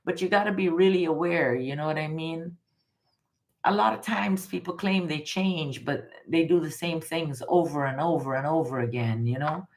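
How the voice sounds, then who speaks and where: Speaking at a moderate pace in a low-pitched voice, a middle-aged woman who reads cards in Guyana talks casually and with emphasis. She tells stories and offers a spiritual reading, frequently circling back to the same phrases.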